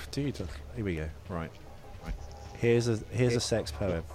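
A man co-hosting a podcast, giggling and egging his co-host on with quick asides. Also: lowish voice, a little mellow, faint music behind. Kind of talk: casual podcast banter.

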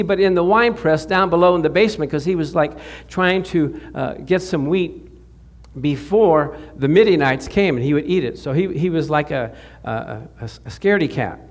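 Male pastor, high voice, animated storytelling sermon, frequent laughs and repeated words. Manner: storytelling, animated, rises sharply when quoting prayers.

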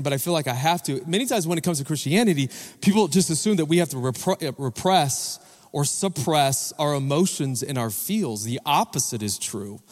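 In a church sanctuary, a pastor with a fairly high male voice delivers a sermon, stopping to question his congregation and call for an amen. A long reverb from the large hall carries his words.

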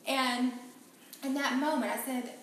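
Woman telling her story, soft and halting, keeps repeating words, slightly high voice, really echoey room w faint hiss. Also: steady tone. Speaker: guest sharing her testimony. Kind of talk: emotional personal testimony.

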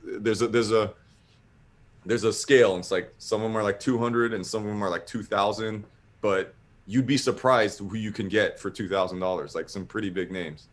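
A man's voice: on the low side, fairly even intonation, normal speed. A man telling a long casual story, rambling with lots of filler words.

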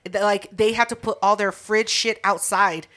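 A woman's voice: medium pitch, steady tone, moderate pace, sharp tone. A young woman co-hosting a casual podcast chat, teasing and questioning her co-host. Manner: teasing, questioning listener who chimes in. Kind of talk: casual conversation.

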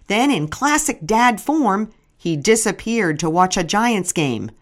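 A woman's voice: medium pitch, big pitch swings, slow pace. A middle-aged woman narrating her memoir in a wry, storytelling manner.

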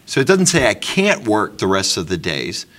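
A man with a low voice leads a congregation discussion in a sermon style. He builds from measured talk into emphatic, pressing exhortation. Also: wildly swooping pitch. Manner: emphatic, rising to forceful exhortation. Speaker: congregation teacher.

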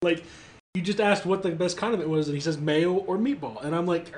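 Male co-host, higher voice, dry humor, loose and profane. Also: a little fast, darkish tone, slight background noise. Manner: wry, explaining with profanity. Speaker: podcast co-host. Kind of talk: casual chat.

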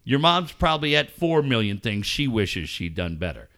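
A middle-aged man telling animated family stories in casual chat, swearing and acting out quotes loudly. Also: mid-range voice, normal speed. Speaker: podcast co-host.

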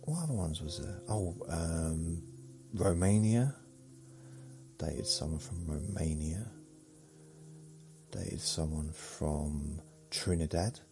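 A man, rambling slowly through a meandering bedtime monologue with muttered asides that trail off. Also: sits low, gravelly, dark tone, faint music behind. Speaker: sleep podcast host.

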